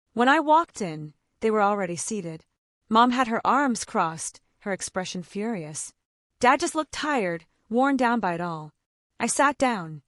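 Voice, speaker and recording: A woman telling a dramatic first-person family story in a measured way. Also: fairly high pitch, dry recording, studio quality.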